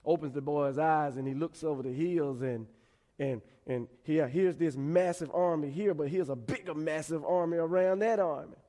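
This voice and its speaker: A male preacher giving a conversational sermon with animated storytelling. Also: on the high side, moderate pace, big-room sound.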